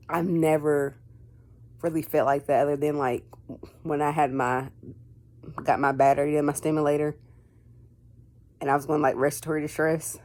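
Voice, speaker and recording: A woman with a low voice tells a personal story to the camera in a loose, chatty vlog. She leans on "like" and "um" and slips into quoted back-and-forth as she goes. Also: a little mellow. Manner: rambling, heavy on fillers like "like" and "um"; acts out dialogue in quotes. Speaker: vlogger.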